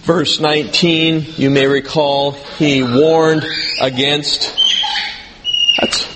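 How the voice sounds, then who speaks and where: A man's voice: fairly high pitch, flat delivery, drawn-out words, background noise. A man preaching in a conversational teaching style, reading scripture aloud and asking his listeners questions. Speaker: preacher teaching a Bible class. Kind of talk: sermon.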